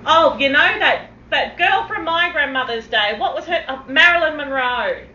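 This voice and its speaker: A woman's voice: high-pitched, expressive, moderate pace, bright, forceful tone. A woman playing an opinionated, forgetful old woman who knits, scolding and stammering through gossipy chat in a comedy sketch. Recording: roomy, distant, dull home-video recording.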